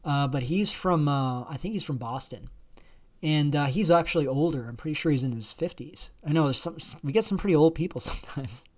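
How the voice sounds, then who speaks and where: A man's voice: on the high side, fairly quick. A man hosting a livestream, talking casually at length and answering viewer questions, with lots of fillers and restarts. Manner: rambling, many fillers and restarts. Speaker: livestream host.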